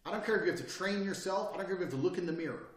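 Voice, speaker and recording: A man in his thirties giving a blunt, profane motivational lecture, forceful and brash as he tells his listeners how to speak and carry themselves. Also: sits high, very fast. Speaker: course instructor. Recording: roomy sound, mic at a distance.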